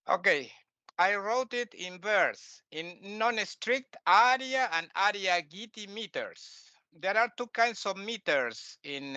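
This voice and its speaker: A man lecturing as a teacher in halting, non-native English, with many fillers and restarts and quiet muttered asides. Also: on the high side, clean tone, no echo, dull audio. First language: Spanish. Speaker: teacher and author. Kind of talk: lecture on scripture.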